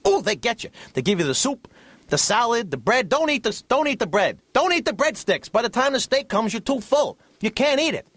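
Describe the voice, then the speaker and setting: A man voicing his own suspicious, complaining older father from New York, in a high, exasperated, whiny voice. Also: big pitch swings, moderate pace, fairly bright tone, no echo, exaggerated voice.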